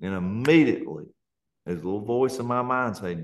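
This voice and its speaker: A man with an Appalachian accent gives a fervent, earnest testimony in a very low, deep voice. He speaks as a pastor, in plain country grammar, and comes close to tears at times. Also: lively intonation, fairly quick. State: near tears. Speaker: pastor and guest. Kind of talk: emotional testimony.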